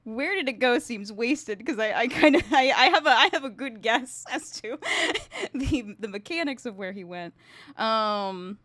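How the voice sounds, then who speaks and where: A woman playing a tabletop game, brisk and earnest, laughing easily. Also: fairly high pitch, animated, a bit bright, no echo. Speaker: player.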